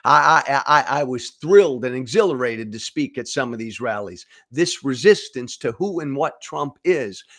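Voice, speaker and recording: A man's voice: medium pitch, expressive, normal speed, few pauses, a bit bright. A middle-aged man hosting a political commentary show, speaking emphatically, with repeated phrases and stammered restarts. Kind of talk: direct-to-camera political commentary.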